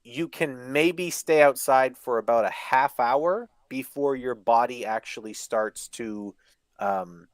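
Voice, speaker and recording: A man chatting on a podcast, his voice sitting in the middle of the male range. He explains with animated emphasis, swinging between speeding up and slowing down. The recording is dry and close, with no room sound. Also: mid-range voice, no room sound. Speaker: podcast co-host. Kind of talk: casual chat.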